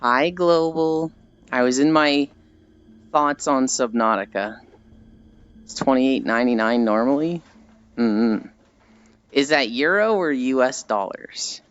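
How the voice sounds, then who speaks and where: A man chats with his stream audience as he walks, rambling and poking fun at himself, now and then slipping into silly voices. His pitch sits in the middle range. The audio has a muffled, lo-fi quality. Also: measured pace, pauses often, clean tone, no echo. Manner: rambling, self-deprecating, animated mock voices. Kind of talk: casual chat with stream viewers.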